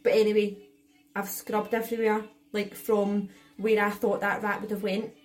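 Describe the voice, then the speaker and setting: A woman's voice: mid-range voice, flat delivery, moderate pace, a little mellow. A young woman tells a casual story to camera. She rambles, leans on fillers, swears a lot and sounds shaken. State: shaken and jittery. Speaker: vlogger.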